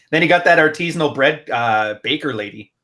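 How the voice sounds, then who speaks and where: A man with a Canadian accent co-hosting a casual podcast chat, telling stories briskly and laughing often. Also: a little high, expressive, bright, forceful tone. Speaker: podcast co-host and relationship consultant.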